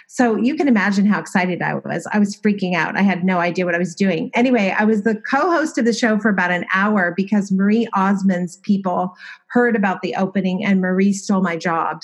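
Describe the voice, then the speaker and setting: A middle-aged woman spinning stories with candid, self-mocking humor. Her pitch sits mid-range for a woman. She has the easy rhythm of a guest swapping tales in a relaxed chat. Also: normal speed. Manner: candid, self-deprecating, lively storyteller. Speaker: guest, designer and former TV host. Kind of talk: casual storytelling interview.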